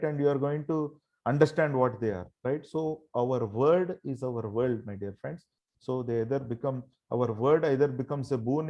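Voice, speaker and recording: A man leads a motivational session over a video call. His pitch sits in an ordinary middle range. He presses each point home, asking his audience question after question and addressing them warmly as dear friends. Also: highs cut off. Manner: emphatic, rhetorical questions, repeats "my dear friends". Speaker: motivational trainer.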